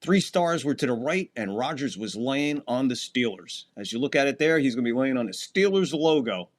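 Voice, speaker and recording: A man calls a football game play by play on a casual live stream, at a middle pitch that is neither high nor low. He chats easily with his viewers between snaps, and his voice leaps up when a play breaks open. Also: very animated, moderate pace. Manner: casual, chatty, talks to chat between plays, voice jumps up on big plays. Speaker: host and play-by-play caller. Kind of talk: live fan play-by-play commentary.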